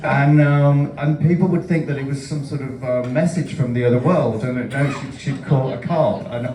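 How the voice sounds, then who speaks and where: Author from Yorkshire, mellow voice, rambling and self-mocking, heard from afar in a roomy hall. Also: male voice, medium pitch, normal speed. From Yorkshire, England. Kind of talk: casual chat at a live book launch. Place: event room. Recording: roomy hall, mic far off.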